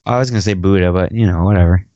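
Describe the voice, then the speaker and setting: A man's voice: sits low, rapid-fire, mellow, no room sound, highs cut off. A man co-hosting a casual podcast, cracking goofy jokes. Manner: goofy, wisecracking. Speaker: podcast co-host.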